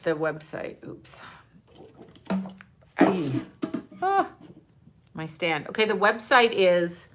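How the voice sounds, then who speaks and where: A woman's voice: lowish voice, expressive, slow, long pauses. An older woman, a grandmother, chatting casually and emotionally on a livestream, rambling and swearing now and then. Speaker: livestream host.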